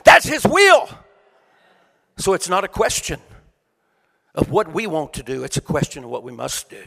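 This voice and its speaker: A man preaching a sermon to a congregation, with a sing-song cadence, rising to shouts and dropping to hushed, quiet lines. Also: a little high, animated, fairly quick, gravelly, breathy edge, long reverb tail. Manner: swings from shouted peaks to hushed quiet delivery.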